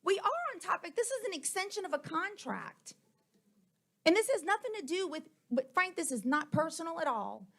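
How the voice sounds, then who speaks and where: A woman's voice: very high-pitched, sing-song, normal speed, fairly bright tone. A woman, speaking at a board meeting. She argues in a heated, confrontational way, hammering the same points again and again into a table microphone. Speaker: school board member. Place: public board meeting room.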